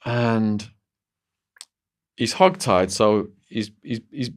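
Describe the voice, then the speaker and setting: Male guest, lowish voice, vivid storyteller who restarts his sentences and leans on "like". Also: extremely slow. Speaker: interview guest. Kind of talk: recounting a personal story.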